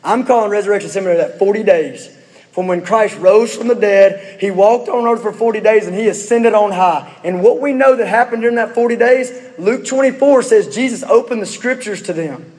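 High-voiced man preaching in a reverberant hall. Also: fairly quick, a little mellow. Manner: conversational preaching with rhetorical questions and asides. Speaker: pastor. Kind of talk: sermon.

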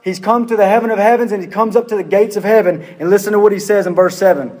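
Male pastor, high-pitched, earnest sermon delivery with repeated rhetorical questions; long hall reverb. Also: steady tone, quick pace, hardly any pauses, darkish tone.

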